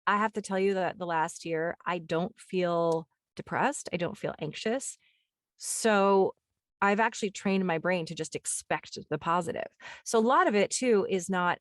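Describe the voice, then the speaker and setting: A woman's voice: lowish voice, no room sound, clean studio sound. A woman hosting a spiritual podcast, talking casually and enthusiastically with lots of fillers and restarts. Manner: enthusiastic, rambling, full of "like" and "um". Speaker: podcast host.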